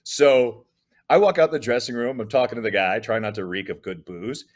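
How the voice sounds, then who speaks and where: This middle-aged man is a comedian guest in a laid-back interview, telling stories and acting out what people said in animated voices. His voice is mid-range and his speed normal.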